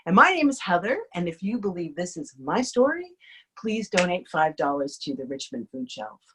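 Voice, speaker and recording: A woman from Vermont telling a personal story in a chatty, animated way, laughing often. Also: fairly low pitch, moderate pace, breathy edge.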